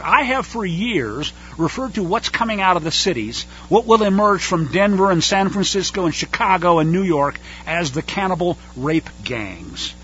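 A man's voice: high-pitched, very animated, normal speed, hardly any pauses, fairly bright tone, highs cut off, a little hiss or hum. A man preaching a fiery, sarcastic sermon, scornful and mocking as he reads and comments on scripture.

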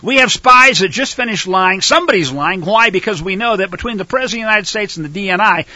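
A man preaching a sermon, reading scripture and rising into fiery, shouted outbursts. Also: high-pitched, lively intonation, fast talker, hardly any pauses, no room sound, low-quality recording.

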